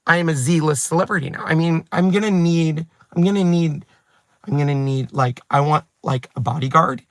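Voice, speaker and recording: A man in his forties, a craft YouTuber and channel host, chatting to his viewers in a lively, self-mocking way. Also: fairly high pitch, normal speed, no room sound. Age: 40s. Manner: chatty, animated and self-mocking, with bursts of laughter. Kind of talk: chatty vlog storytelling to viewers.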